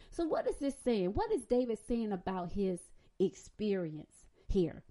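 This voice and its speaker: A woman preaching a sermon, dramatic, moving between loud emphasis and soft reflection. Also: mid-range voice, wildly swooping pitch, measured pace, hardly any pauses.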